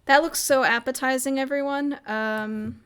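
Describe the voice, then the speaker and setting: Young woman streamer, rambling recap, giggly, slightly high voice. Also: steady tone, a little slow, fairly bright tone, clear, resonant tone. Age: young adult. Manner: rambling, giggly, lots of filler "like". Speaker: streamer recapping a roleplay server. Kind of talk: casual livestream chat.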